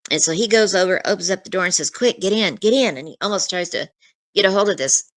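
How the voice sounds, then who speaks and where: A woman's voice: on the low side, fast talker, fairly bright tone. A middle-aged woman, an interview guest, earnestly recounting a frightening personal encounter, with many asides. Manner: earnest, emotional storytelling with many "you know" asides.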